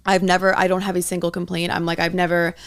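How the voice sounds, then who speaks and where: Young woman podcast co-host, low and smooth with vocal fry, earnest rambling delivery. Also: monotone, fast. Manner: earnest, rambling, heavy use of "like". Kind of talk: casual chat.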